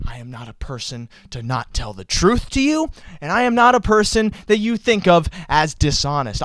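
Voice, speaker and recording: A man's voice: sits high, a bit bright, dry recording, clean studio sound. A teenage boy hosting a podcast, rambling in a goofy, self-mocking way. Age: teens. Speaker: podcast host. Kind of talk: joking podcast chat.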